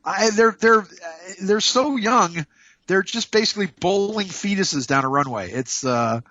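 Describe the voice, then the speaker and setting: A man's voice: sits high, lively intonation, measured pace, bright, forceful tone, no echo, muffled recording. A man hosting a radio show over a call, joking and rambling with lots of restarts. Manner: playful, jokey, rambling with restarts. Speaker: radio host. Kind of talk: casual radio talk. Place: hotel room. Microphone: Skype call.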